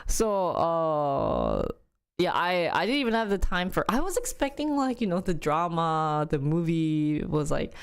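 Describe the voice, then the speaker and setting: A young woman on stream tells her viewers a story, speaking a little slowly and smoothly. Her delivery is lively and casual, and she acts out quoted lines with sudden pitch jumps.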